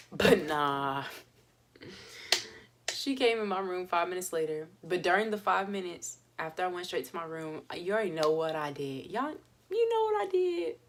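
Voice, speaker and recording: A woman's voice: fairly low pitch, unhurried, pauses often, noisy background. A young woman vlogger telling a story in a chatty, casual way, with lots of fillers and laughs.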